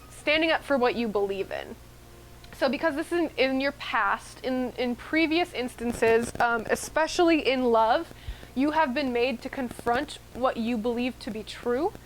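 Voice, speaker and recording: A woman's voice: a little high, slight background noise, poor audio. A woman co-hosting a casual stream, giving a love tarot reading and explaining the cards chattily.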